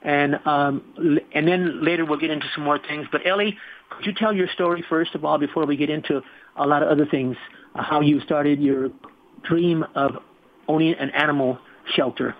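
A man with a slightly high voice hosts the show and introduces his guest in a rambling, unhurried way. His voice comes through a tinny phone line. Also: steady tone. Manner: rambling, with fillers and slow restarts. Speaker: show host. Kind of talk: hosting an interview show.

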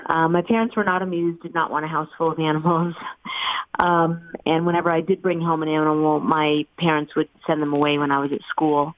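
A low-pitched woman tells her story with earnest feeling. She sounds middle-aged, and her voice comes through a thin, dry phone line. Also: little pitch movement, brisk, no echo. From United States. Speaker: guest, animal sanctuary founder. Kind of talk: telling her life story in an interview.

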